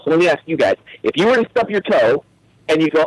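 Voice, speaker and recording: A man in his thirties, a guest on a radio talk show, telling lively everyday stories as examples. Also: a little high, fast, no room sound, rough recording. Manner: energetic storyteller, acts out little scenes. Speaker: guest author.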